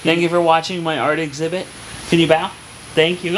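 This indoor home vlog features a dad guiding his daughter through painting, cheerfully repeating short cues. He speaks briskly with a fairly high pitch and a flat delivery, and the rough recording carries slight background noise.

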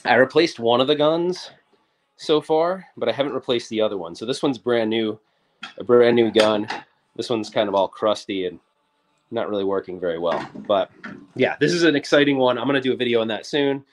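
A man's voice: medium pitch, fairly quick, a little hiss or hum. A man in his forties hosts a casual livestream. He rambles in an upbeat way, jumps between thoughts and restarts sentences as he goes. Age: 40s. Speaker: livestream host.

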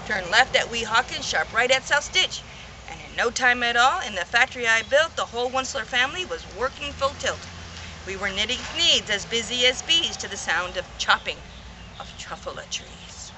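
Bright woman reading a storybook. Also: fairly high pitch, sing-song, normal speed, slight background noise, poor audio. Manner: rhythmic, playful rhyming delivery. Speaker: reader. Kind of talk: storybook read-aloud.

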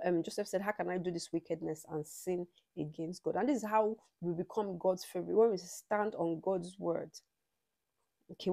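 A woman's voice: on the low side, gravelly, warm tone, no room sound. A woman giving a conversational devotional teaching and leading a prayer, with frequent "you know" asides.

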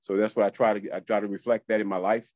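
A man, a real estate coach telling motivational stories to listeners in a lively, high-energy way. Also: fast, no echo, lo-fi sound. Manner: high-energy, animated, addresses listeners as y'all. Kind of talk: motivational storytelling.

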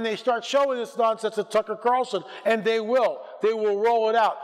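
A man with a notably high speaking voice delivers a fiery conference lecture in a church auditorium. He exhorts and urges his listeners, and his words ring out with a long reverb off the hall. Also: steady tone, normal speed, few pauses. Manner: urgent, exhorting, builds to shouted rebukes.

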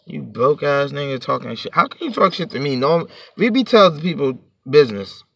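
A man's voice: on the high side, very animated, brisk, gravelly, hardly any pauses, fairly bright tone. A man telling a storytime to his vlog audience in a heated, profane, rambling rant, sitting a bit back from the mic.

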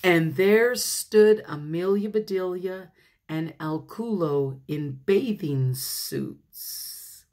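A woman pastor reading a picture book aloud to children, animated, laughing often and talking to her listeners. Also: lowish voice, extremely slow.

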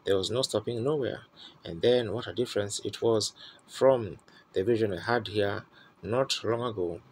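A man's voice: fairly low pitch, slight background noise, rough recording. Earnest preacher man telling a vision. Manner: earnest storytelling preacher, rambling with restarts. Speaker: pastor. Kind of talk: sermon. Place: church tabernacle.

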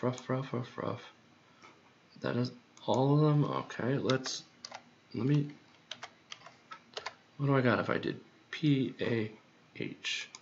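A man with a medium-pitched, creaky voice thinks aloud as he works on a song, muttering to himself and repeating words again and again. The recording is dull and lo-fi, with a little hiss or hum.

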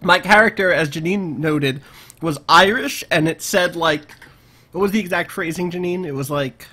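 A man's voice: fairly high pitch, husky. A man hosting a casual group chat about a game just played, bantering and laughing. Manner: animated, quick laughing banter. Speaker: host.

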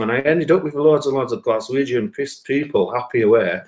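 A man telling a rambling, sweary personal anecdote, jumping up loud when he quotes himself. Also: mid-range voice, brisk, few pauses. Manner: sweary, animated, rises to shouts when quoting himself. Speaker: storyteller. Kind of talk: casual anecdote.

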